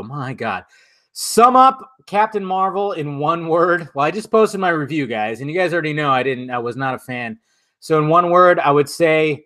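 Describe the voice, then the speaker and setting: A man's voice: fairly high pitch, fairly bright tone. A man hosting a casual live stream, chatting loosely and swearing while he sips a drink.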